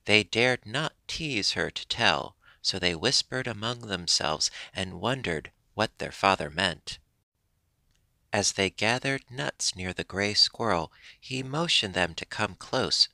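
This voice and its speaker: A man narrating a children's animal story in a gentle, measured way. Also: lowish voice, lively intonation, creaky, dry recording.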